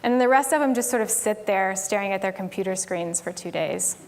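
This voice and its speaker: A woman's voice: mid-range voice, a little fast, darkish tone, a little hiss or hum. A woman from Tennessee giving a casual conference talk on stage, chatty and full of "like" and "um". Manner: chatty, frequent "like" and "um" fillers. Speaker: conference speaker.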